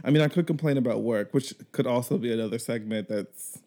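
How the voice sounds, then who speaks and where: A man hosting a casual chat, telling a work story in an animated way, laughing often and acting out the people he quotes. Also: mid-range voice, a little fast. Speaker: podcast host.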